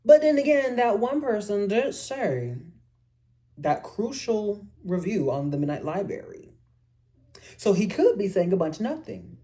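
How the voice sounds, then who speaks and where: A woman's voice: mid-range voice, very animated, a little slow, warm tone. A woman chatting casually in a book review vlog, reading passages aloud and teasing herself as she goes. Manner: chatty and self-deprecating, reads passages aloud.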